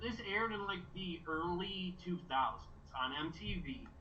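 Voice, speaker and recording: Man, casual host, rambly, high bright voice, muffled far-off mic, faint hiss. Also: animated, measured pace. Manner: rambling, many fillers. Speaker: podcast host. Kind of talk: casual chat during a watch party.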